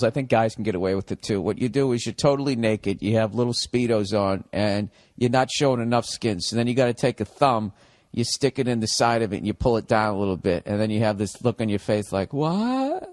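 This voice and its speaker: A man's voice: fairly low pitch, fast, a little mellow, no room sound, studio quality. A middle-aged man with a Boston accent ranting solo on his podcast, profane and sarcastic, asking and answering his own questions. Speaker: podcast host. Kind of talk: solo comedic rant.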